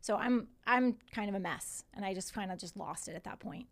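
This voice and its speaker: A woman's voice: mid-range voice, fairly quick. A woman in her forties, a podcast guest, animatedly retelling what happened to her, quoting others and swearing. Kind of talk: casual storytelling in conversation.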